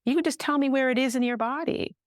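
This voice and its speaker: A woman therapist talking as a podcast guest, animated and free-flowing with many fillers. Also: high voice, dry recording, studio quality. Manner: animated, fast-flowing, many fillers, acts out clients' words. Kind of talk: casual interview chat.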